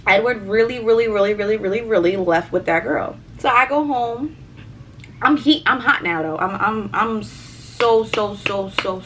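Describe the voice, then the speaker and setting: A young woman vlogger chatting casually through a story, animated, swearing and repeating words for emphasis. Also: mid-range voice, a little hiss or hum, low-quality recording.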